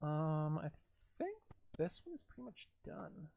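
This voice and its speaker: Giggly high-voiced young man rambling. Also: sing-song, unhurried, creaky, dark tone, husky. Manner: rambling, giggly and self-deprecating. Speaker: live-stream host. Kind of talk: casual live-stream chat while editing.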